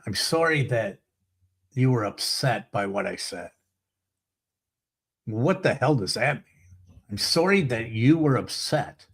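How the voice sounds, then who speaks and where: A man's voice: fairly low pitch, creaky, fairly bright tone. A middle-aged man hosting a casual talk show, ranting bluntly with profanity. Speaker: show host. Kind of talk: casual monologue.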